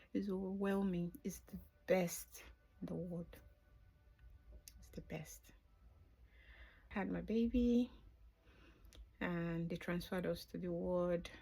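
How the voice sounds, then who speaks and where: A woman's voice: lowish voice, mellow, slightly rough. A middle-aged woman telling her own birth story off the cuff in a vlog, emotional, sometimes dropping to a whisper. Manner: emotional, drops to a whisper at tender moments. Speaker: vlogger. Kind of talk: unscripted personal storytelling.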